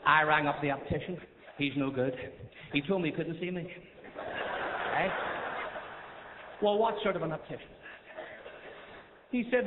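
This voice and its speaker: A man with a Northern Irish accent doing stand-up one-liners on a theatre stage, chatty and coaxing the crowd between rapid gags. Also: fairly high pitch. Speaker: stand-up comedian. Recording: echoey theatre, tinny thin sound, noisy. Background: audience laughter.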